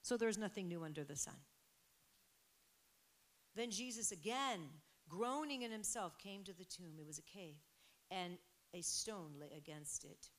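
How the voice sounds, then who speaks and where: A woman's voice: on the low side, expressive, measured pace, long pauses. Passionate woman preaching a sermon. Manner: passionate preaching that builds to loud emphatic peaks.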